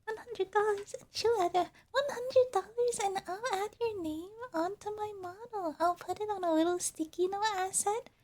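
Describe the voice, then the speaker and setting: A woman's voice: very high voice, moderate pace, few pauses, darkish tone, pitched above the performer's own voice. A woman voicing a cute, careless anime-girl streamer who thanks donors in a breezy, dismissive way. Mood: chirpy. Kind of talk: streamer parody on an ASMR stream.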